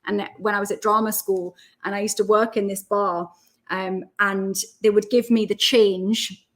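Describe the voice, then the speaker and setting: Geordie woman, 30s, chatty podcast guest, animated storyteller. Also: medium pitch, normal speed. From Newcastle, England. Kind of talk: casual chat.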